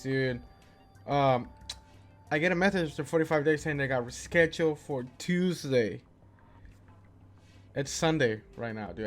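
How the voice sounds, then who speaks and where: A young man telling a casual storytime rant, exasperated, peppering his talk with "dude" and acting out his phone calls. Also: mid-range voice. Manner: exasperated, says "dude" a lot, acts out quoted calls. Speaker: gaming PC vlogger.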